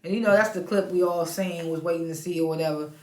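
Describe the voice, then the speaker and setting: A woman's voice: on the low side, quick pace. A woman hosting a casual recap of a reality show, chatty and laughing often as she retells the scenes. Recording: roomy echo.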